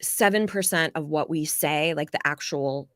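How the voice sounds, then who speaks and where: A woman life coach explaining ideas in a casual, animated podcast interview, with occasional swearing. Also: low voice, moderate pace, no echo, studio quality. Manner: animated, explanatory, acts out quoted people.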